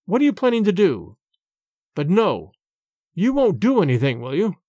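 A man voicing a gentle young daughter who speaks softly in a pleading, coaxing way. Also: sits high, huge pitch swings, normal speed, dry recording, studio quality, exaggerated voice. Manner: soft, pleading.

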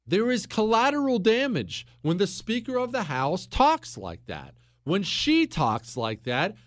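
A man delivers a political talk monologue as host, hammering points home with repetition. His pitch sits a bit high and swings widely. The sound is dry and close. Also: dry recording. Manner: emphatic, repetitive, lecturing. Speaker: podcast host.

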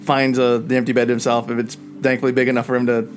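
A man narrating as game master of a tabletop game, in a loose, halting way full of fillers and restarts. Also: mid-range voice, little pitch movement, faint music behind.

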